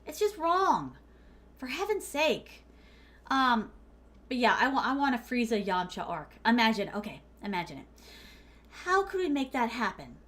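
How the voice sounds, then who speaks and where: A woman's voice: a little high, very animated, normal speed, a bit bright. A woman streaming a game, chatting casually and rambling animatedly through a made-up story while laughing often.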